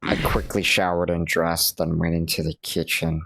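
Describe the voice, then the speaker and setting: A man reading a visual novel's narration aloud in a steady storytelling way. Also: low-pitched, normal speed, creaky, rough recording. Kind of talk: reading game text aloud with friends.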